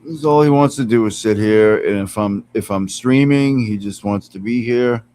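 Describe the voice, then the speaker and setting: A man with a fairly low, mellow voice talks at a normal speed, the rough recording carrying slight background noise. A live streamer at home, he chats casually with viewers, laughs often and coos at his cat, sitting some distance from his computer mic.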